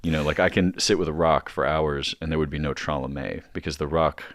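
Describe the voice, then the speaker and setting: Male podcast guest, very low voice, meandering delivery, dry close sound. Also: steady tone, brisk, a bit bright, no room sound. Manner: rambling, many fillers and restarts. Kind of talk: casual podcast chat.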